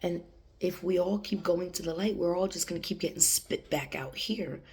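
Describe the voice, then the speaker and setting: A woman's voice: on the low side, moderate pace, vocal fry, a little mellow. A woman talking to camera in a rambling casual monologue, laughing often and sometimes dropping to a whisper. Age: adult, has a young daughter. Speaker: channeler.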